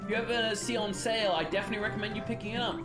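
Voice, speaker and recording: A man streaming a video game, giving relaxed, rambling commentary and swearing casually. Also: sits high, racing. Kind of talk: casual let's-play commentary. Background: game music.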